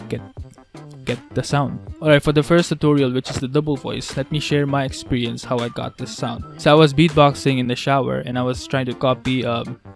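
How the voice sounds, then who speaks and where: A man's voice: medium pitch, fairly even intonation, fairly quick, gravelly, soft background music. A young man giving a casual, rambling beatbox tutorial, often correcting himself mid-sentence. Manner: rambling, self-correcting, playful.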